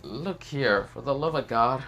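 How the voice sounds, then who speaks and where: A man voicing an irritable, stoic teenage boy in a read-aloud fan story, blunt and monotone. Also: medium pitch, a little slow, slight background noise. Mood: annoyed. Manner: blunt, annoyed, stoic, swearing.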